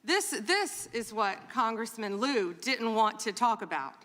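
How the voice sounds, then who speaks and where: A woman's voice: a little high, very animated, measured pace, fairly bright tone. A woman testifying at a hearing as attorney general, defensive and combative. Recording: reverberant hearing room with faint noise.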